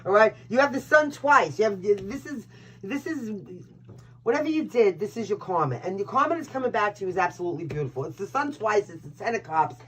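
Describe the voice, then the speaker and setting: A woman with a Brooklyn accent hosts a casual live-stream tarot reading, talking fast and loose with the viewers. She is brash and chatty, with a mid-range voice. Faint background noise and clicks sit under her voice. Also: mid-range voice, lively intonation, low-quality recording. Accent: Brooklyn New York. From Brooklyn, New York. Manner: chatty, brash, swears and laughs at own jokes.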